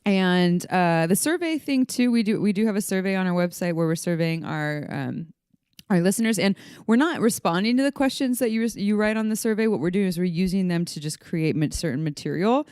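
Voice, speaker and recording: A woman co-hosting a casual podcast, chatty and quick to laugh, often restarting her sentences as she goes. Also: fairly low pitch, darkish tone, clear, resonant tone, no room sound, clean studio sound. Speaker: podcast co-host.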